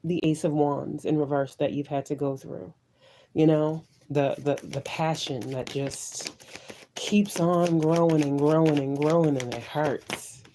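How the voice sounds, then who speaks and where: Woman tarot reader on a live stream: mellow, warm tone, emotional and preachy, drops to soft near-whispers. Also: sits low, steady tone, measured pace, a little hiss or hum, rough recording. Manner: emotional, preachy, repetitive affirmations, swears.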